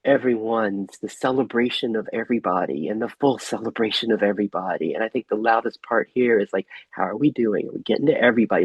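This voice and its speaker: Husky guy leading a group on a video call, soft inviting questions, muffled sound. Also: medium pitch, no echo. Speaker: group facilitator. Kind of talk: guided reflective facilitation.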